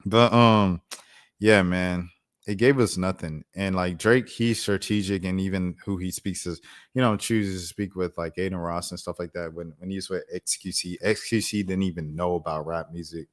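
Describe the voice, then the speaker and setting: A man with a fairly low voice hosts a casual live stream. He talks in loose slang and muses out loud as he reacts to the news, going back over his own thoughts. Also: fairly even intonation, moderate pace. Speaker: streamer host.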